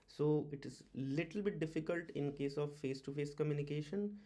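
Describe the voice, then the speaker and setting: Halting man teaching tech. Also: on the high side, mellow. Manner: halting, many uh fillers and restarts, repeats key words. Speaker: automotive diagnostics instructor. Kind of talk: informal whiteboard lecture.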